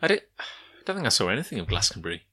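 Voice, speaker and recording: Man telling stories, bright voice. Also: fairly low pitch, sing-song, racing, slightly rough. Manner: anecdotal storyteller, acts out voices. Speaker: podcast co-host. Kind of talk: casual chat.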